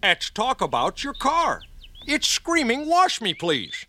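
A man playing a hard-selling radio ad pitchman. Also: huge pitch swings, slow, bright, forceful tone, full character voice. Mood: pushy.

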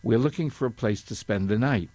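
A man's voice: medium pitch, fairly quick, a little mellow, no echo, close to an everyday voice. An older man reading aloud as a timid, earnest young boy who pleads to be understood.

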